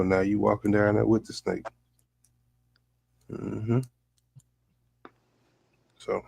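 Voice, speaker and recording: Laid-back low-voiced Southern man. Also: little pitch movement, slow, gravelly, darkish tone, breathy edge, rough recording. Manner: laid-back, short agreeing replies. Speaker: podcast co-host. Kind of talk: casual barbershop-style chat.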